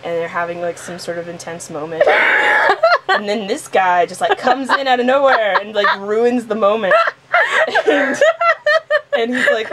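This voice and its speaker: A woman's voice: mid-range voice, animated, normal speed, pauses often. A young woman casually making up the story of a comic, giggling and rambling. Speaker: commentator improvising a comic's story. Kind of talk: casual playful commentary. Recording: noisy home recording.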